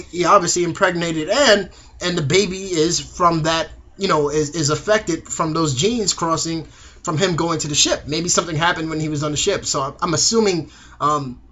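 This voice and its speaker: A man's voice: fairly high pitch, bright, forceful tone. A young man reviewing a TV episode in a casual, slangy way, acting out the characters' lines.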